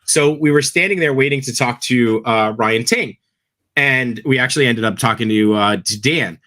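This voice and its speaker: A young adult man co-hosting a podcast, telling stories in a rambling, animated way and laughing often. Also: medium pitch, normal speed. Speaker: podcast co-host. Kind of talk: casual chat.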